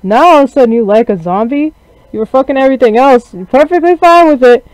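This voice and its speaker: A man's voice: extremely high pitch, lively intonation, fast, darkish tone, no echo, pitched above the performer's own voice. A man voicing a jealous, lustful creeper girl who taunts and accuses. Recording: dull lo-fi sound.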